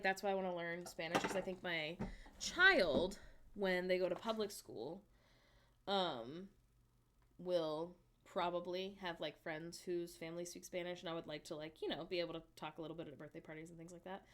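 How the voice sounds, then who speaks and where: A woman's voice: lowish voice, normal speed, fairly bright tone. A woman in her thirties streaming and chatting casually with her viewers, reading their comments aloud and answering with frequent laughs. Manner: chatty, laughs often, reads and answers chat.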